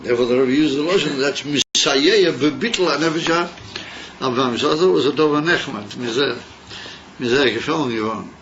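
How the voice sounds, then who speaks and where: A man giving a yeshiva class lecture, mixing English with Yiddish and Hebrew terms and pausing often with fillers. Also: mid-range voice, a bit bright. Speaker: Torah teacher. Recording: dull lo-fi class recording with faint noise.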